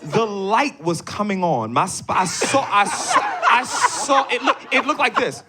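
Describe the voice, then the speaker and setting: A stage actor on a panel, telling an excitable anecdote and acting out his own panicked lines. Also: high-pitched, a little slow, background noise. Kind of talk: animated live anecdote. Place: stage panel before a live audience.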